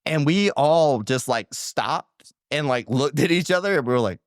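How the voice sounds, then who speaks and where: Guy, chatty storyteller, lots of laughs, swinging pitch, dry booth. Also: normal speed, no echo. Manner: animated, laughs often, acts out sounds and quotes. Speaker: podcast guest telling a campfire story. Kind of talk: casual storytelling.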